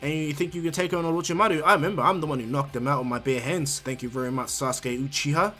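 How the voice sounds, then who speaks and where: A man's voice: fairly high pitch, fast talker, bright, forceful tone, faint music behind. A man voicing a stern, intimidating female village leader who gives blunt orders in an anime retelling. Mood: commanding. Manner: blunt, commanding.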